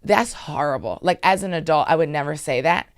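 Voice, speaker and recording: A woman in her thirties from Maryland, telling stories in a lively, animated way as an interview guest. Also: low-pitched, fairly quick, no room sound, clean studio sound. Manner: lively, animated storytelling with asides. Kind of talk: casual storytelling.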